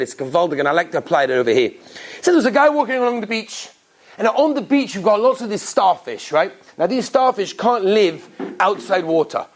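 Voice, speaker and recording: A man, a rabbi, giving an animated Torah lecture, acting out little voices and laughing often. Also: high-pitched.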